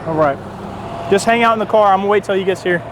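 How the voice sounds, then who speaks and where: A man's voice: high voice, quick pace. A male police officer talking casually and reassuringly while on duty outdoors on a busy road. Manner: easygoing, reassuring. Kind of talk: casual on-duty narration to camera. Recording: street noise outdoors.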